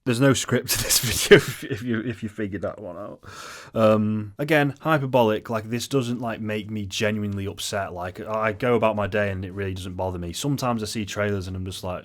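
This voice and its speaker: A man's voice: lowish voice, a little fast. A young man ranting in a sweary, hyperbolic, self-mocking video essay.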